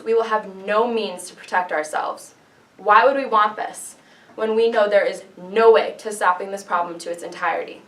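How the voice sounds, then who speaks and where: A young female student gives a persuasive class speech in an earnest, declamatory style, posing rhetorical questions. Her mid-range voice has a fairly bright tone, and she's recorded from far off in an echoey classroom.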